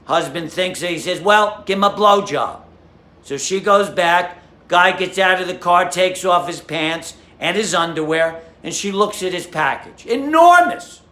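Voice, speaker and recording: High, bright-voiced comedian telling jokes. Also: male voice, a little slow, echoey room. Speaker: stand-up comedian. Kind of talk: deadpan joke telling.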